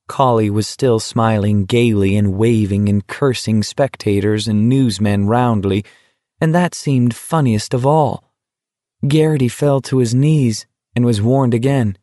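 A male audiobook narrator reading in a steady, measured storytelling voice. He takes his time over every line at an unhurried pace, with a mid-range pitch. The recording is dry and close, with no room sound. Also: dry recording. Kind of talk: scripted narration.

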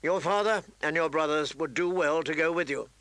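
Narrator as a grave, dry-spoken lord, bright and close. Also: male voice, fairly high pitch, moderate pace, no echo. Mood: stern. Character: stern honorable nobleman, grave lord.

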